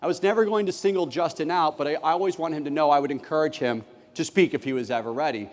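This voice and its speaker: A man giving a conference keynote, telling a classroom story in an animated way and acting out the dialogue himself. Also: a little high, fast talker. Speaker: keynote speaker, former teacher. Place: large conference hall. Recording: long hall reverb.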